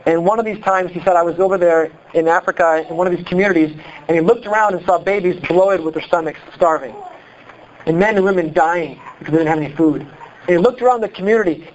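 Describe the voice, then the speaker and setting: A pastor from Iowa with a Midwestern accent, preaching a sermon in an animated, conversational way full of rhetorical questions. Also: male voice, high voice, muffled recording. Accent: Midwestern American.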